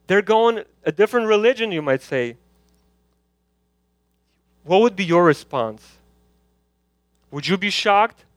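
Male pastor, higher voice, earnest and urgent sermon delivery, dry close sound. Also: lively intonation, measured pace, pauses often, dry recording. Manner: earnest, urgent preaching with frequent fillers. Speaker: preacher. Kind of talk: evening sermon with prayer.

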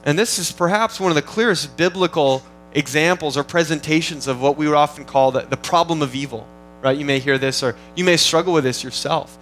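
A man's voice: on the high side, fairly quick, a bit bright, faint music behind, poor audio. A man preaching an expository sermon in an earnest, teaching manner, often restarting phrases as he works through the text. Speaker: pastor.

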